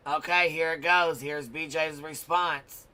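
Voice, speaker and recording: Bright-voiced man reading chat. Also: on the high side, steady tone, a little slow, clear, resonant tone. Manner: reads out chat comments. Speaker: livestream co-host reading chat.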